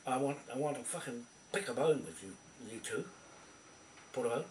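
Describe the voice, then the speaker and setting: A man's voice: medium pitch, lively intonation, moderate pace, a little mellow. A man ranting angrily at the camera, swearing constantly and confronting people by name. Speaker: video poster. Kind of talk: angry rant to camera. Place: indoors at a computer. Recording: roomy, distant from mic, faint background noise.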